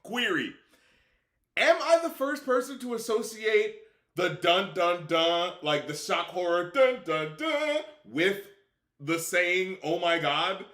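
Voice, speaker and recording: A man's voice: high-pitched, lively intonation, takes it slowly, sharp tone. Profane, laughing man in an echoey room. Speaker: music critic streamer. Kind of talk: casual live-stream chat.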